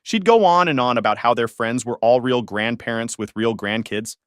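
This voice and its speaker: Male narrator, mid-pitched, animated delivery, wry and sarcastic, dry booth sound. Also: moderate pace, no echo. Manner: conversational with wry, sarcastic asides. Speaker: story narrator. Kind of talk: scripted first-person story narration.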